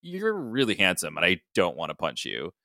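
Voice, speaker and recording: A man's voice: sits low, wildly swooping pitch, moderate pace, vocal fry, pushed and bright, no echo, studio quality, pitched below the performer's own voice, exaggerated voice. Man reading goofy wisecracking young guy, near his own voice. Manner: casual, wisecracking.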